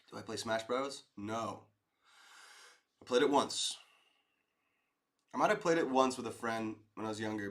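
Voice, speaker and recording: A man in his thirties with a lowish, slightly bright voice is streaming live. Laid-back and rambling, he answers viewer comments and keeps calling people "dude" and "man."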